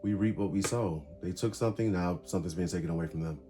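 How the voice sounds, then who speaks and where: Brief: male tarot reader, casual and emphatic, short card-by-card bursts, soft music underneath. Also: sits low, fast. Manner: talks through cards in short bursts, animated and emphatic.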